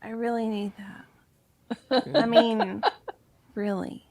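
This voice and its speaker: A woman's voice: on the high side, flat delivery, slow, crowd noise. A woman in a casual group chat, talking in a playful, teasing way.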